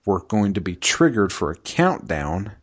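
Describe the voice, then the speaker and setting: A man's voice: deep voice, very animated, measured pace, husky. A man co-hosting a podcast, casually retelling a video game's story, rambling, swearing freely and laughing often. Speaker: podcast co-host recapping a game.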